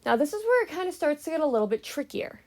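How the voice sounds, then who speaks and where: A woman's voice: high-pitched, very animated, fast talker. A young adult woman teaching math in a casual, patient way, stopping often to ask whether everyone is following, and sounding tired this early in the morning. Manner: patient, explaining step by step with frequent "right?" checks.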